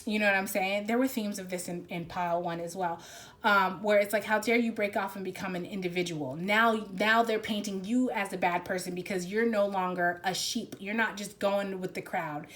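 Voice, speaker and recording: Woman tarot reader, casual spiritual reading, rambling, emphatic delivery, mid-pitched voice. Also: fairly even intonation, moderate pace, a bit bright.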